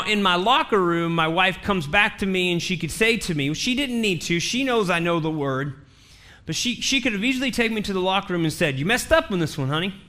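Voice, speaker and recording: A man's voice: sits high, pushed and bright. A male pastor preaching a sermon in a church, telling a story with humor and emphatic repetition.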